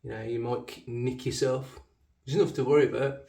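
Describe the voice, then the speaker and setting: A man with a broad Black Country accent talks casually as he shaves, rambling and correcting himself with easy laughs. His voice sits at an ordinary middle pitch. The sound bounces around a small echoey bathroom. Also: fairly even intonation, a little fast, creaky, warm tone, recorded from a distance. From Black Country, England. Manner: chatty, self-correcting, laughs easily. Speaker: shaving channel host. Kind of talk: casual rambling shaving commentary.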